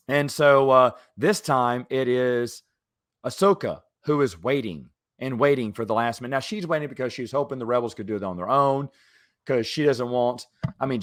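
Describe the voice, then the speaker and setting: A man's voice: medium pitch, fairly bright tone, dry recording, studio quality. A man giving a casual episode review as a show host, exasperated and critical, with lots of ums and uhs. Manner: exasperated critique with frequent fillers.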